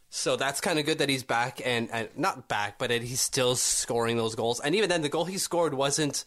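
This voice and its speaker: A man's voice: medium pitch, fairly bright tone. A man co-hosting a casual sports podcast, chatty and argumentative, reading quotes aloud with plenty of ums and restarts. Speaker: podcast co-host.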